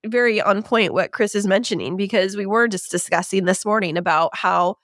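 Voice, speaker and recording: A woman's voice: medium pitch, brisk, a bit bright, no echo, clean studio sound. A woman co-hosting a podcast, asking questions in a searching, thoughtful way and laughing often. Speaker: co-host. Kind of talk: casual podcast conversation.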